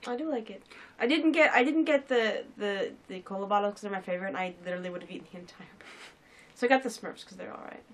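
A woman co-hosting a casual film review chat, throwing in joking quips. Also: mid-range voice. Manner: lively, quick joking quips. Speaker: co-host.

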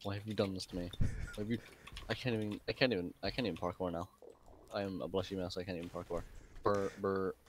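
Young male streamer, low voice, jokey and easily flustered. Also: fairly even intonation, fast talker, a little hiss or hum. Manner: jokey, flustered, laughs a lot. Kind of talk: live gaming stream chat.

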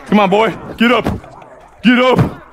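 A man hosting a live gaming stream, excitable and loud, hyping up his viewers as he plays. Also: sits high, a little slow, crowd noise, noisy background. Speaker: gaming livestream host. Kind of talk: live game commentary.

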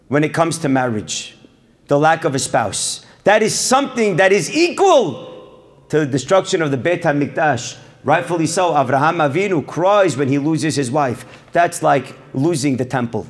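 A man preaching a Torah sermon as a rabbi, his fairly high voice rising in bursts of emphasis and dropping to near a hush. He addresses the listeners directly and peppers his talk with Hebrew terms. The delivery is lively and animated. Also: normal speed. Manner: emphatic preacher, swings from loud to hushed; sprinkles Hebrew terms, addresses audience as Morai Rabotai.

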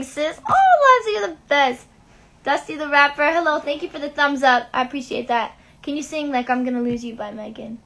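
A young woman hosting a casual livestream, chatting to viewers, reading out their comments and answering them. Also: high-pitched. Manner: chatty and relaxed between songs, singing to ukulele. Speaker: livestream host and singer. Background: her own ukulele playing.

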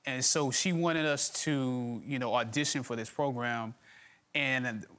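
A man telling a story as a chat show guest, relaxed and laughing easily. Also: mid-range voice, unhurried. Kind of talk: casual chat anecdote. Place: TV studio with audience.

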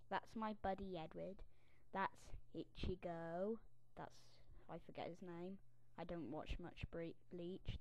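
A woman's voice: fairly low pitch, unhurried, darkish tone, dry recording, poor audio. Theatrical young woman giving a dry screen tour. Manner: theatrical, self-mocking, grumbling asides. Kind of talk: casual screen-recording walkthrough.

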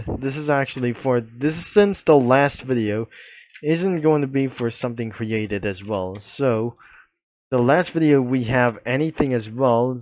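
A man giving halting voice-over commentary on a game, slowly reading out long lists of character names. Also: mid-range voice, no room sound. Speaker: game video narrator.

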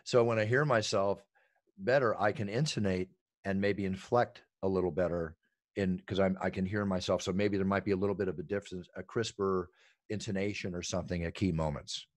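Emphatic middle-aged man, low voice. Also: brisk, dry recording. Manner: animated, emphatic storytelling. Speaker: ring announcer and guest. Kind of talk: energetic interview talk.

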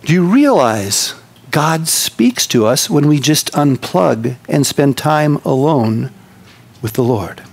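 Animated pastor preaching. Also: male voice, on the high side, creaky, husky. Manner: animated, folksy, shifts between loud bursts and slow quiet emphasis. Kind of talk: sermon.

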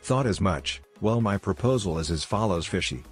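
A man's voice: on the low side, animated, normal speed, slightly rough, soft background music. A man voicing a brash, cocky teenage boy ninja in a read-aloud fan story, with a teasing manner.

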